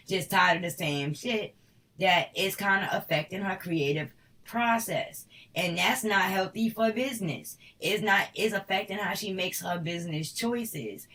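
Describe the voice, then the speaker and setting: A woman's voice: on the low side, bright, forceful tone, distant mic, low-quality recording. A woman from Harlem with a New York accent, giving a casual tarot reading in a blunt, slangy, profane way. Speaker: tarot reader.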